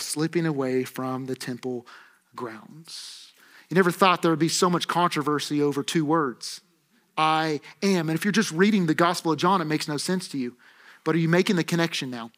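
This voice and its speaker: A man with a notably high voice delivers a sermon. He preaches with animation and dramatizes the quoted lines, throwing himself into each voice. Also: fairly bright tone. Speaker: pastor. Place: church auditorium.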